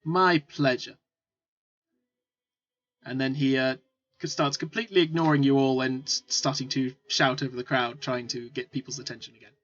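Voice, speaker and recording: A man narrating as game master of a tabletop game, halting with many fillers. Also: medium pitch, steady tone, a bit bright. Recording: dull lo-fi recording with faint music.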